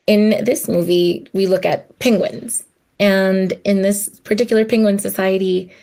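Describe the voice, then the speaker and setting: A woman's voice: mid-range voice, warm tone. A woman hosting her own podcast, talking in a heartfelt, conversational way and acting out the voices she quotes. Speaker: podcast host. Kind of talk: reflective solo podcast talk.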